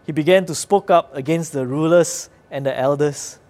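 Man, preacher, earnest conversational sermon, slightly high voice. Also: normal speed, darkish tone.

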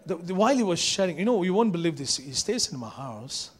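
A man, a pastor preaching a sermon in church. He moves from quiet storytelling to fervent preaching and often repeats or restarts his words. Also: high-pitched, big pitch swings, brisk, slightly rough.

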